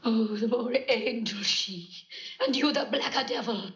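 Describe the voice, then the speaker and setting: A woman's voice: a little high, measured pace. An actress playing a loyal, outraged lady's maid in a 1960s Shakespeare film, urgent and defiant in her cries. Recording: dull roomy 1960s film soundtrack.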